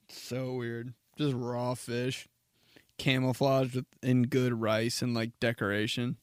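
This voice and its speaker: A young man rants alone into a close podcast mic, loose and profane, often laughing at his own stories. His voice sits at a middle pitch, and the sound is very dry with no room around it. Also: little pitch movement, slow pace, pauses often, smooth, dry recording. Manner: rambling, profane, laughs at himself, acts out dramatic reactions. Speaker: podcast host. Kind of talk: solo comedic podcast rant.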